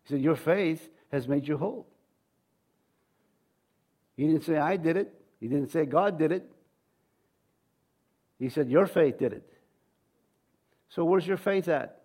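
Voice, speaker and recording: A man's voice: on the high side, a little slow, long pauses, mellow. A male pastor preaching a sermon in a conversational way, acting out quoted voices and often repeating words.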